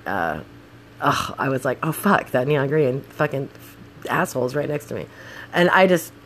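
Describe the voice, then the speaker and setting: A young woman telling a casual story full of swearing, acting out the shouting. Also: a bass voice, a little hiss or hum. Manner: profane, animated, acts out the shouting.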